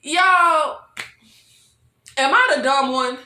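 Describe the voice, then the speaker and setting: In a reverberant space, a female TV review vlogger rants casually and in exasperation about an episode, addressing her audience as "y'all," cursing and laughing as she goes. Her voice sits high, pushed and bright, and she talks extremely slowly.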